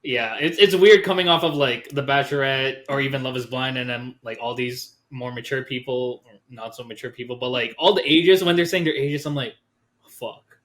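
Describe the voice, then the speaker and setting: A man's voice: mid-range voice, brisk, few pauses, a bit bright. A young man in a casual chat, laid-back and swearing casually.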